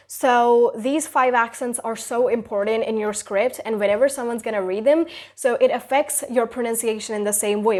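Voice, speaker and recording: A young woman giving a casual video lesson on basic French, talking loosely with many fillers like "you know" and "like". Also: a little high. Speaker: YouTube creator teaching basic French.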